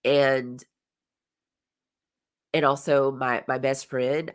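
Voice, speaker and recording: A woman in her forties with a notably low voice speaks as a career coach on a live stream. She talks earnestly and from the heart, circling back to repeat key phrases for emphasis. Her delivery is a motivational talk aimed straight at her viewers. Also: fairly even intonation, slow, pauses often.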